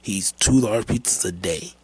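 Low-voiced man rambling about a movie. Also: normal speed, a little mellow, husky, dry recording. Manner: rambling, profane, laid-back, with many fillers. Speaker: podcast host. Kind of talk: casual movie chat.

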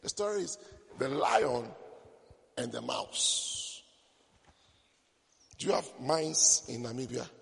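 A man's voice: medium pitch, expressive, takes it slowly, gravelly, pauses often, a bit bright, breathy edge. A male preacher telling a story in a sermon, with joking asides to the congregation, at a church service with a long hall reverb.

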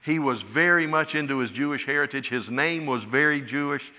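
A man's voice: mid-range voice, a little fast, pushed and bright. A middle-aged man from West Florida, preaching a sermon, often rising to emphatic, impassioned cries. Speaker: pastor. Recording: long hall reverb.

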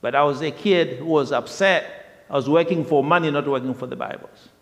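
A man telling a personal testimony in a lively storytelling way, often repeating himself, with the long reverb of a large hall. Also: on the high side, brisk. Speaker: speaker sharing a testimony.

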